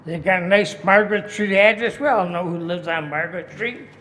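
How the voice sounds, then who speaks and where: A man's voice: high voice, a little fast, sharp tone, slight background noise. A man giving a heated, accusing public comment at a city council meeting. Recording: echoey council chamber.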